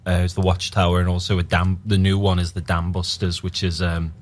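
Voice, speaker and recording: A man, an actor guest on a radio interview, talking hesitantly with many ums and pauses. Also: sits low, little pitch movement.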